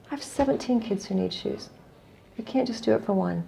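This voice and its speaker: A woman's voice: medium pitch, brisk, gravelly, warm tone, slightly rough. A middle-aged woman from the United States, an earnest guest telling a story in conversation and quoting others as she goes. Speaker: guest, non-profit executive director.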